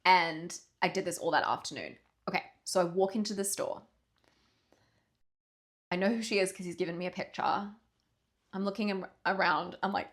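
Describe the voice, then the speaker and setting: In a mid-range voice and at a moderate pace, this young woman co-hosts a podcast and spins a story during casual conversation. She's animated, does impressions of the people she quotes, and swears without much fuss.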